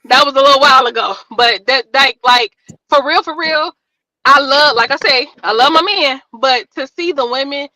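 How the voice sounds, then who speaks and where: A woman comedian telling stories on a podcast, animated and profane. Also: high voice, moderate pace, no echo, rough recording. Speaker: stand-up comedian, podcast guest. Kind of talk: casual podcast chat, storytelling.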